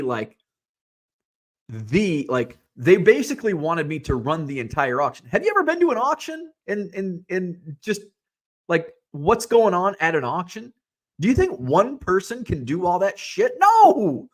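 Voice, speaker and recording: A man hosting a sports card livestream, chatting loosely, telling rambling stories, swearing casually, and reading viewers' comments aloud. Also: a little high. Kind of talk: casual livestream chat and storytelling.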